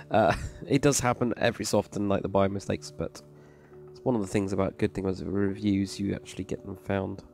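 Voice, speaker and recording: Low-pitched, level, a little fast, creaky and slightly mellow, this man's voice carries casual commentary as he tours a game build. He's a Minecraft server plot reviewer who rambles enthusiastically and hands out praise freely, with faint background music.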